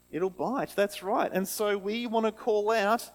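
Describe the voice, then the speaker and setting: A man who reads a scripture passage and then leads a lively children's talk in church, asking the children questions and having them repeat lines back. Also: high voice, a little slow, hardly any pauses, low-quality recording. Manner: animated, asks children questions and leads call-and-response.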